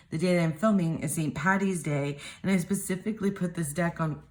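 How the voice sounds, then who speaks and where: A woman's voice: lowish voice, fast, few pauses, a little mellow. A woman vlogger chatting casually as she unboxes tarot decks, rambling and cutting herself off mid-sentence. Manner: rambling, self-interrupting, gushing.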